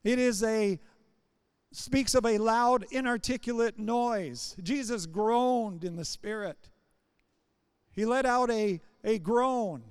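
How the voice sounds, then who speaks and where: A man's voice: high voice, slow, clear, resonant tone, dry recording, clean studio sound. A man preaching a sermon, building his points in short, repeated phrases.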